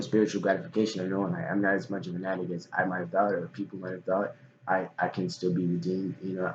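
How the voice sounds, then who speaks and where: A man, vlogging a loose, candid monologue that swings from quiet mumbling to loud animated outbursts. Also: sits low, muffled recording, slight background noise. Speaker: vlogger recapping a trading day. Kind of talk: rambling monologue to camera.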